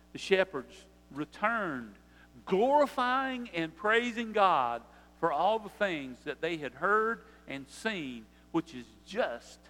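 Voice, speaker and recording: A man's voice: fairly high pitch, sharp tone, in a large hall. An older man, preaching a sermon with rising emphasis and repetition. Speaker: pastor.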